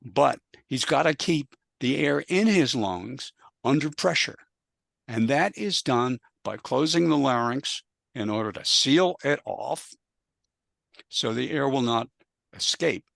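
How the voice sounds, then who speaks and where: Gravelly man explaining step by step. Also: mid-range voice, lively intonation, a bit bright, no room sound, studio quality. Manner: measured, step-by-step explaining with examples. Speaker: panelist. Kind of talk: explanatory talk on a panel.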